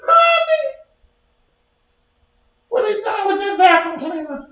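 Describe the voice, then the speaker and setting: A man voicing the ghost of an unborn baby, in a high, whiny, pleading child's voice, as part of a comic rant. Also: sing-song, unhurried, pushed and bright, heavily acted. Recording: very echoey, dull lo-fi sound.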